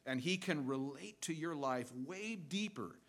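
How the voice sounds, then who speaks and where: A middle-aged male pastor preaching a sermon, animated and storytelling, swinging between loud and soft. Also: a little high, a little slow.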